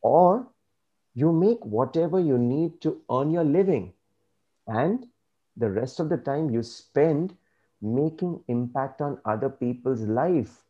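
A man speaking as an interview guest, earnest and measured, giving reflective advice. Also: medium pitch, expressive, warm tone, highs cut off.

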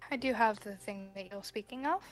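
A woman's voice: mid-range voice, brisk, faint music behind, lightly acted. A woman playing a blunt horned adventurer. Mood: direct. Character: blue-skinned horned young woman adventurer, forthright.

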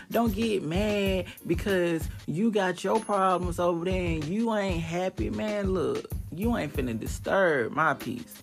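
A woman hosting a podcast in a chatty, casual monologue with emphatic, animated bursts. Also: sits low, creaky. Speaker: podcast host.

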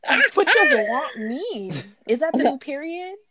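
A woman's voice: sits high, sing-song, measured pace, over a noisy crowd. A young woman co-hosting a casual chat, hesitant and searching for words. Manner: hesitant, full of fillers and restarts. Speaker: podcast co-host.

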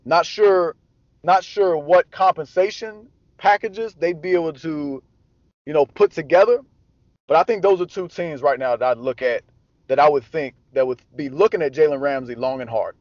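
A man co-hosting a sports talk show, breaking down the news in a steady, analytical way. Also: on the high side, moderate pace, no echo, dull audio. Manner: steady, analytical, repeats himself a little.

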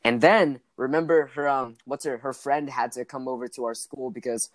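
A man's voice: mid-range voice, fairly even intonation, moderate pace, no room sound, studio quality. A teenage boy chatting casually on a podcast, joking crudely and rambling with lots of restarts. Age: teens. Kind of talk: casual chat.

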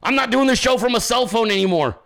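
A man's voice: extremely high pitch, fast, gravelly, a bit bright. A man hosting his own show from a home desk, ranting in profane, combative, mocking commentary. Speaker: podcast host.

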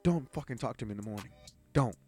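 Young male co-host, animated, foul-mouthed, does high mocking voices; mid pitch, faint music behind. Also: quick pace. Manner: animated, swears a lot, mimics others in high voices. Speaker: podcast co-host. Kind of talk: casual chat.

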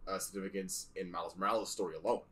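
A man's voice: low voice, steady tone, rapid-fire, fairly bright tone, slightly rough. A man co-hosting a casual podcast chat, rambling, repeating words and swearing. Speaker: podcast co-host.

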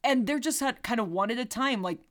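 A woman co-hosting a movie podcast in casual chat, animated and swearing freely, acting out scenes in quick voices. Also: fairly high pitch. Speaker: podcast co-host.

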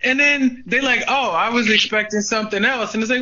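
A man with a high, bright, sharp voice talks loosely in a podcast chat. He curses often and laughs easily. The recording is muffled, with faint hiss. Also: a little fast.

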